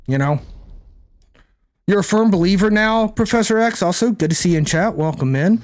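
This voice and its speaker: A man's voice: high voice, normal speed, a little mellow. A man streaming a card game, rambling and thinking aloud to his chat, swearing casually. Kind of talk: casual gameplay commentary to chat.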